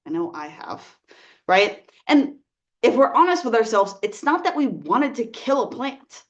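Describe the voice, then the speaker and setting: A woman working as a life coach, giving earnest, gentle advice straight to the viewer and often checking in with "right?". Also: on the high side, sing-song, measured pace, dull audio. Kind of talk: advice talk to camera.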